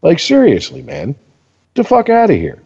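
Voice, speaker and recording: A man's voice: fairly high pitch, normal speed, gravelly, slightly rough, big-room sound, dull audio. A man ranting in profane casual sports chat as a podcast co-host. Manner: ranting, heavy swearing, animated.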